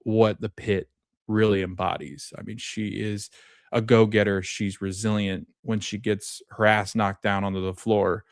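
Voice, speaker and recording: Low-voiced man rambling on a podcast. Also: dry recording, clean studio sound. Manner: rambling, with fillers and self-corrections. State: just waking up, coffee kicking in. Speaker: podcast host. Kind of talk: casual recap commentary.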